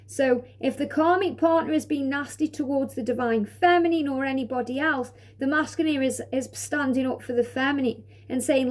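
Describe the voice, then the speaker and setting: A woman's voice: sits high, fairly quick, hardly any pauses. A woman presenting an oracle deck, reading each card's message aloud and then explaining it in a repetitive, conversational way with frequent "you know". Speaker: tarot card reader. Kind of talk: oracle deck walk-through.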